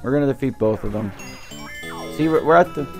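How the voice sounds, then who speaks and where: A young man commenting on a video game as he plays, ranting angrily about his family and swearing, his throat sore from yelling. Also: mid-range voice, a little fast, faint music behind. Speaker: let's play host. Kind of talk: gameplay commentary.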